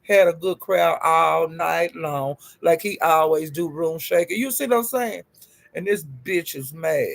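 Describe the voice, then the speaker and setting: A man telling gossip in a casual vlog, with a sassy and profane manner, calling his listeners honey and child and jumping up in pitch for emphasis. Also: a little slow, creaky. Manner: animated, jumps up in pitch for emphasis. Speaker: gossip vlogger.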